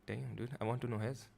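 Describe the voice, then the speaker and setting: A man hosting a livestream, chatting casually and switching between Hindi and in a rapid, offhand way. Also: medium pitch, creaky, warm tone. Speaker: livestream host. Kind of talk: casual stream chat, mixing Hindi and English.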